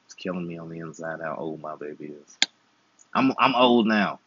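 A man's voice: sits low, animated, normal speed, dull audio, noisy background. A man in his twenties, an uncle hosting a channel, chatting casually and playfully with slangy, teasing advice. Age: 20s. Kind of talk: casual chat while gaming.

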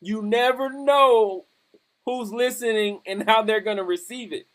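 A man hosting a podcast, telling a lively military story in casual chat and laughing often. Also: high-pitched, unhurried. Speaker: podcast host.

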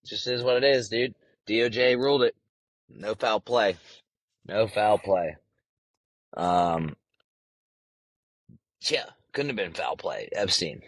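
A man's voice: lowish voice, takes it slowly, pauses often, dry recording, low-quality recording. A young man hosting a casual solo podcast, talking in a brash, profane and rambling way. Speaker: podcast host.

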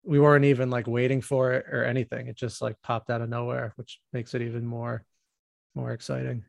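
A man co-hosting a music podcast, his voice gravelly and fry-laden. He rambles casually with lots of fillers and restarts. The sound is close and dry. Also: mid-range voice, little pitch movement, fairly quick, no echo. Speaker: podcast co-host.

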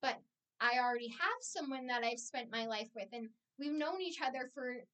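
A woman's voice: high-pitched, animated, normal speed, fairly bright tone. A young woman co-hosting a casual podcast, playful and explaining her ideas at length. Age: young adult. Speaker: podcast co-host. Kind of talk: casual chat. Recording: too far from the microphone.

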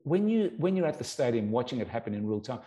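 An Australian man in middle age, telling his stories as a guest in a casual interview. His voice is warm and mellow at an ordinary pitch. He tumbles through his anecdotes with animated restarts and repeated words. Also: quick pace.

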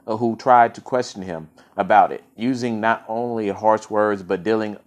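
Man, low voice, casual story reading, podcast host, self-correcting stumbles. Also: fairly even intonation, normal speed.

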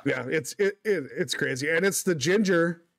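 A man's voice: fairly high pitch, moderate pace, vocal fry, fairly bright tone, slight background noise. Earnest young man in casual chat. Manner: supportive, laughs along, talks in earnest. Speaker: podcast co-host.

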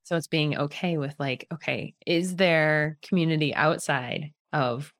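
Low-voiced woman musing casually. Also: measured pace, dry recording, studio quality. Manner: thoughtful, trailing, laughs often. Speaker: entrepreneur. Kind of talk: casual chat.

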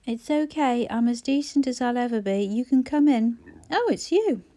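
Woman voicing hoarse, wry sick woman Clara. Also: a little high, moderate pace, dark tone, pitched above the performer's own voice, lightly acted. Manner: wry, teasing. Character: ailing older woman, hoarse, dry wit.

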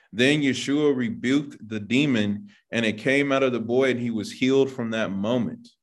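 A man preaching an informal sermon to his congregation. He talks loosely and conversationally, leaning on "like" and "you know" as he works through a passage. His voice sits at an ordinary middle pitch for a man. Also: measured pace. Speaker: Bible teacher.

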